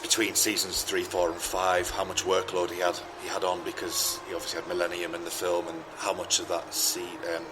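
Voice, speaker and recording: A man as a roundtable guest, speaking in a measured, thoughtful way and often restarting phrases. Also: deep voice, monotone, background noise. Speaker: podcast guest. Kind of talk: casual roundtable chat.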